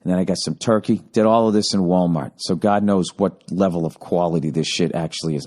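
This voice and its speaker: A man's voice: deep voice, a little fast, hardly any pauses, a little mellow. A man hosting a podcast, telling a comedic story in a profane, ranting way. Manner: profane, ranting, heavy swearing. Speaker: podcast host.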